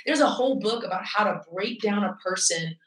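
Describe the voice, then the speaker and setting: A woman's voice: medium pitch, animated, a little fast, fairly bright tone, distant mic, a little hiss or hum. A woman pastor, a guest, telling her own story frankly and earnestly in a conversational way. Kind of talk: candid personal storytelling. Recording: echoey room, voice set back from the mic.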